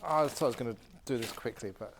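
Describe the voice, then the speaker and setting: A man, a Buddhist monk and meditation teacher, telling lively anecdotes with laughter during a retreat question-and-answer session. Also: medium pitch, quick pace, a little hiss or hum. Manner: animated anecdotal storytelling with frequent laughter. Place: meditation retreat centre hall.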